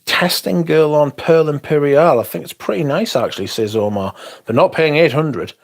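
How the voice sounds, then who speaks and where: A man's voice: a little high, moderate pace, vocal fry. A young man hosting a livestream, chatting casually, rambling and swearing as he reads comments aloud. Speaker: livestream host.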